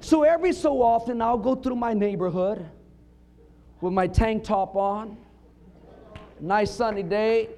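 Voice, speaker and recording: Man, pastor, sermon, high-pitched, storytelling, emphatic. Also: unhurried, pauses often. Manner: storytelling with punchlines, rising to emphatic shouts.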